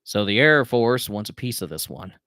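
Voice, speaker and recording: A man's voice: on the low side, sing-song, sharp tone, no room sound, clean studio sound. A man putting on a drawling Southern airman. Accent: Southern US drawl, put on. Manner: slow laid-back drawl. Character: Southern Air Force controller, cocky, easygoing.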